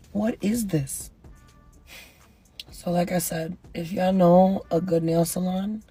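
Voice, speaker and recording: Brief: woman, husky lowish voice, sassy indignant rant, faint music behind. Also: mellow. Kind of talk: casual complaint vlog.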